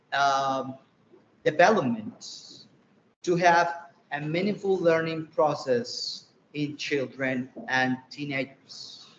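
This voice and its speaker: A man with a Colombian Spanish accent, a native Spanish speaker, asks interview questions haltingly, stopping often on fillers. His voice is a little high for a man. The recording sounds roomy and dull, with faint noise behind it. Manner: hesitant, halting, with many fillers. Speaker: interviewer, language teacher.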